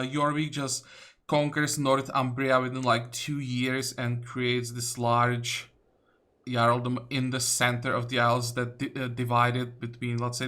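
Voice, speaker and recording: Man, slow unhurried pace, bright tone, thinking-aloud game commentary. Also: mid-range voice. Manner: thinking aloud, many fillers and self-corrections. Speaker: let's play host. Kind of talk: casual gameplay commentary.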